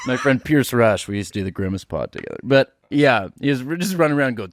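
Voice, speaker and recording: A man chatting as a podcast guest, an animated storyteller who laughs a lot and acts out quotes. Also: medium pitch, quick pace, few pauses, no echo, studio quality. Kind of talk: casual chat. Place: podcast studio.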